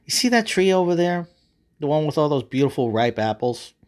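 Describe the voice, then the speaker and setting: A man's voice: a little high, expressive, brisk, voice pushed up, natural voice. A man voicing a crude, laid-back male God who swears and gets annoyed easily, in a comic story reading. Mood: brash. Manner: swearing, casual, loud.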